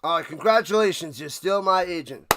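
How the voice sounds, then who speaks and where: Man, slightly high voice, livestream watch-party host, casual play-by-play, jokey excitable asides. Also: a little fast, noisy background.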